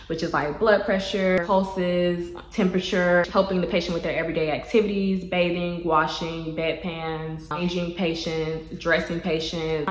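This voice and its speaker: A woman's voice: on the low side, reverberant. A young woman telling her own story in a casual vlog, chatty and full of "like" and "y'all," close to tears. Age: young adult. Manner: chatty, heavy use of "like" and "y'all". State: tearful, holding back crying. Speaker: vlogger.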